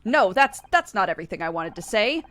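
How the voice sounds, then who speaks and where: A woman's voice: medium pitch, very animated, fairly quick, fairly bright tone. A woman voicing a remorseful, smug adult male ex-husband in a video game, pleading and apologetic.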